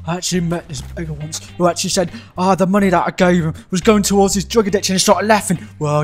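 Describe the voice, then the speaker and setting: A young man delivering a crude, sweary comedic rant, mocking people and bursting into shouts. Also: sits high, steady tone, fast talker, hardly any pauses, soft background music. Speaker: gaming channel ranter.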